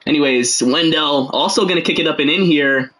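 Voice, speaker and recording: A man's voice: fairly high pitch, brisk, a bit bright. A young man giving casual, joking play-by-play commentary on a livestreamed game, full of slangy asides and rambling.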